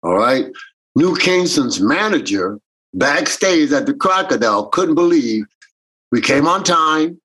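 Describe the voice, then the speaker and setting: A Jamaican American reggae bandleader tells stories in a casual interview, animatedly acting out the voices of the people he quotes. His voice is on the high side and husky, at a measured pace, on a rough recording.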